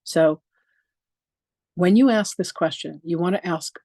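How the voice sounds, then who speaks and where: A woman in her sixties teaches a live online masterclass on spiritual practice in a mellow, slightly low voice, speaking a little slowly with no echo. She tells stories with animation and acts out the exchanges she quotes. Her manner is frank and emphatic, with the occasional swear word.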